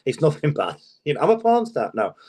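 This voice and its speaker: A man's voice: a little high, huge pitch swings, fairly quick, darkish tone, slightly rough. A middle-aged man, a guest comedian, chatting casually in an interview, telling stories, laughing often and swearing freely.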